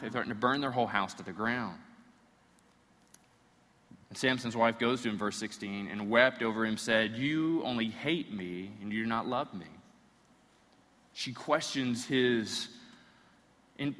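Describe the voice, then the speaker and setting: Bright-voiced preacher in a reverberant hall. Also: male voice, mid-range voice. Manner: animated storytelling with playful asides. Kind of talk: sermon.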